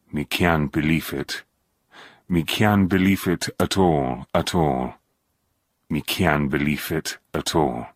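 An actor playing a poetry reader who recites a poem with a solemn, rhythmic, drawn-out delivery. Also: male voice, rumbling low, dry recording, clean studio sound, full character voice. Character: deep-voiced actor reciting a patois poem. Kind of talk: slow dramatic recitation.

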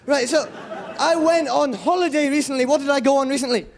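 Very high-voiced rambling stand-up comic. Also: male voice, brisk, crowd noise. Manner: rambling, scattered. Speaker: stand-up comedian. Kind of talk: live stand-up.

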